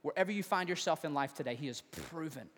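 High-voiced man preaching in a church hall. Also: fast talker. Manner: builds from hushed to rising, repeated questions. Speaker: pastor. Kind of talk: sermon. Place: church sanctuary.

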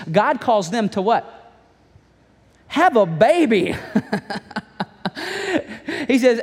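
Animated high-voiced male pastor preaching. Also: big-room sound. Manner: animated, playful storytelling with asides. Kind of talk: sermon. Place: church.

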